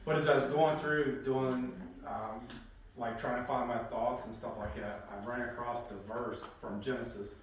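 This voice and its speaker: A man's voice: mid-range voice, fairly even intonation, normal speed, slight background noise. Man, groom, casual rambling vows, lots of ums, echoey hall, far-off mic. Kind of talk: wedding vows. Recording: echoey room, distant mic.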